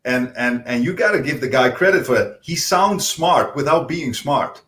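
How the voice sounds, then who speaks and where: A man's voice: medium pitch, expressive, normal speed, a bit bright. Earnest man in an echoey room. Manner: earnest, explanatory, hesitant restarts. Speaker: panel guest. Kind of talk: political panel discussion.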